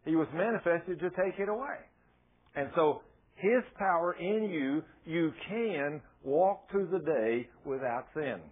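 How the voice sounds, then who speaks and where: A man preaching a sermon in a folksy, animated storytelling manner. His voice sits a little high and sounds husky. The recording is thin and tinny, like a phone line. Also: measured pace. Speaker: pastor.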